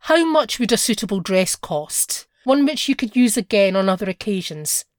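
A timid clerk husband pleads earnestly with his wife, as a woman reading the story puts him on. His voice sits at a middling pitch and sounds dry and close, with no room echo. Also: sing-song, normal speed, natural voice. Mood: coaxing. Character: anxious eager-to-please husband, a modest clerk.

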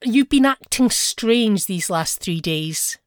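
A timid clerk husband pleads earnestly with his wife, as a woman reading the story puts him on. His voice sits at a middling pitch and sounds dry and close, with no room echo. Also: lively intonation, slow. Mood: coaxing. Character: anxious eager-to-please husband, a modest clerk.

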